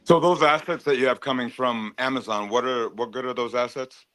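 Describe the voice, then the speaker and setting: A man's voice: medium pitch, fairly even intonation, a little fast, a bit bright, no echo. A man in a heated, casual stream chat, taunting and swearing at another panelist. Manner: profane, taunting, confrontational.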